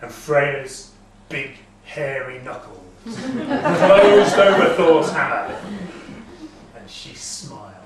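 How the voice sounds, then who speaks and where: A man telling a myth live in a castle great hall, dramatic, swelling loud and dropping to a hush. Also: on the high side, animated, slow, a crowd in the background. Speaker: storyteller. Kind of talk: live oral storytelling. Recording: echoey hall from far off.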